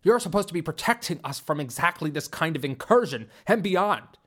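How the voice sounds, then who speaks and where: A man's voice: a little high, fairly quick, fairly bright tone. A man voicing a commanding male official who questions and scolds his staff sharply. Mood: demanding.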